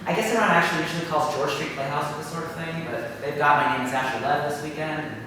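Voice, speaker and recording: A man's voice: fairly high pitch, fast talker, background noise. A man performing a one-man comic monologue on a theater stage, chatty and full of fillers. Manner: conversational, lots of fillers and self-interruptions. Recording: echoey live theater from far off.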